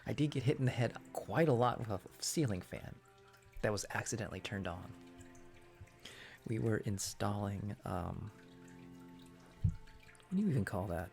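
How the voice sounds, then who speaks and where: A tired livestream host rambling in soft-spoken, casual ASMR stream chat. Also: low voice, normal speed, gravelly, pauses often, faint music behind.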